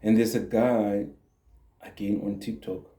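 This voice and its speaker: A man's voice: lowish voice, flat delivery, measured pace, mellow. A man, a YouTube creator, giving an earnest motivational talk and repeating words for emphasis. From South Africa. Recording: echoey room.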